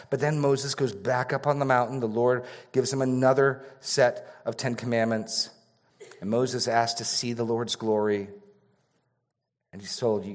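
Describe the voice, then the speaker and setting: Preaching an expository sermon in a mid-range voice, a male pastor moves between raised emphasis and hushed asides while repeating key phrases.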